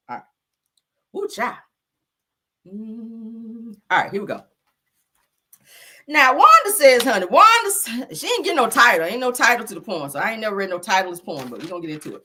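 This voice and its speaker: Woman, gossip show host, sassy, theatrical, wildly swooping pitch, bright, husky. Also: big pitch swings, brisk, pauses often. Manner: sassy and theatrical, constantly calling listeners child, honey, girl; melodramatic, calling on the Lord and Jesus. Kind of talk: casual comedic monologue.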